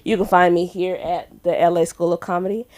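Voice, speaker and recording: A young woman doing stand-up at an open mic on a comedy club stage, telling a story with a giggly, animated delivery and loud acted-out voices. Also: lowish voice, fairly quick.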